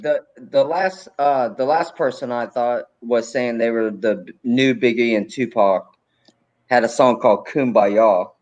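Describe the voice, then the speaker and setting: A man's voice: medium pitch, unhurried, darkish tone. A man co-hosting a livestream, teasing a caller in dry casual chat. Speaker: livestream co-host. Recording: dull lo-fi audio.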